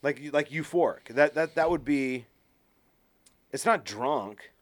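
A nauseous man on a podcast, rambling bluntly and swearing as he talks. His voice sits a little high for a man. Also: expressive, unhurried. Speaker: podcast co-host. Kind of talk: casual chat.

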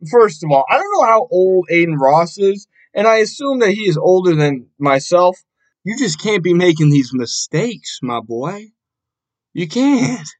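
A young man hosting a casual solo podcast, ranting with a lot of profanity and an exasperated tone, and jumping up into shouts. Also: on the high side, low-quality recording. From Buffalo, New York area. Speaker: podcast host.

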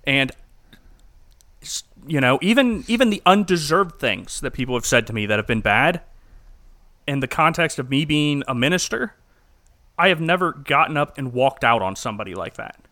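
A man, a minister, co-hosting a casual chat and recapping a movie with lively mimicry and frequent laughter. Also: mid-range voice, moderate pace. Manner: animated, mimics characters, laughs often. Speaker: podcast co-host.

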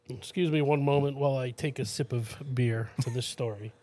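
A man co-hosting a podcast, telling a story in casual chat and acting out the people in it, with casual swearing and many restarts. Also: moderate pace. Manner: animated storyteller, acts out quoted people in a higher voice. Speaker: podcast co-host.

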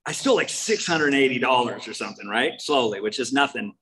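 A man's voice: mid-range voice, lively intonation, fairly quick, a bit bright, low-quality recording. A man telling his own story to a recovery meeting, candid and conversational, with frank asides. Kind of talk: personal testimony to a meeting. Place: recovery meeting, in person or over a video call.

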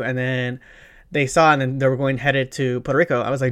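A man's voice: medium pitch, flat delivery, fairly quick, a bit bright, clean tone. A young man hosting his own podcast, telling an embarrassing story in a rambling, profane way, full of fillers and slang. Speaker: podcast host. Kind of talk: casual storytelling monologue.

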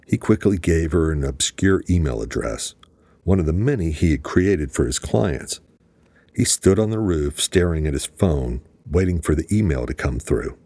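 A man narrating an audiobook in a steady, measured storytelling voice. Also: extremely low pitch, husky, no echo. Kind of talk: scripted narration.

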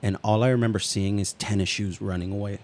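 Podcast co-host, male, lowish voice, loose and profane, rambling storyteller. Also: steady tone, fast, a little mellow, slight background noise. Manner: swears freely, rambling anecdotes, acts out quotes. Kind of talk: casual storytelling chat.

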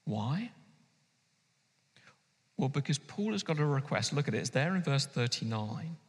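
A man preaching a sermon as pastor, animated and emphatic, slowing down and pausing for effect. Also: medium pitch. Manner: animated, emphatic preaching with sudden pauses and slowdowns. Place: church hall. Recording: long hall reverb.

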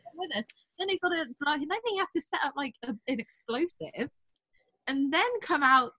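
A woman with a bright, forward voice and a slightly high pitch, chatting casually and swearing as she acts out lines. Her voice sits close and dry on the mic, with no room sound. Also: animated, moderate pace, no echo. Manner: swears freely, acts out quotes. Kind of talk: casual chat recapping a TV episode.

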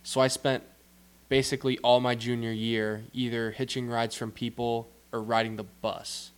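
A man's voice: medium pitch, flat delivery, moderate pace, clean tone. A young man co-hosting a podcast, chatting casually and interrupting himself as he rambles. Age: young adult. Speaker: podcast co-host. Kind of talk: casual chat.

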